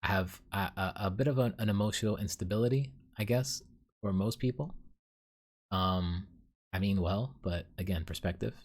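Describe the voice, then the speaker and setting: A man with a lowish voice hosts a solo podcast. He recounts his dreams in a loose, rambling way, full of ums and likes, and often pokes fun at himself. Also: normal speed, slightly rough. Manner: rambling, self-deprecating, many fillers. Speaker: podcast host. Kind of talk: casual solo storytelling.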